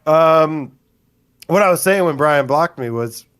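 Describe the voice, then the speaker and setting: A man's voice: a little high, expressive, measured pace, a bit bright, clean tone. A man co-hosting a gaming livestream, playfully reading viewer comments with frequent giggles. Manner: playful, giggly, reads names in bursts. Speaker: podcast co-host.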